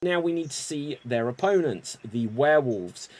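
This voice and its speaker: A man's voice: mid-range voice, lively intonation, moderate pace, a little mellow. A man hosting a live online improv show, introducing players with upbeat, joking lines. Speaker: host.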